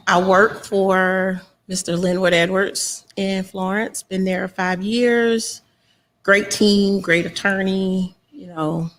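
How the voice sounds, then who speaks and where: A woman in her thirties, a nervous podcast guest, giving brief, soft-spoken answers. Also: mid-range voice. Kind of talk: casual interview chat.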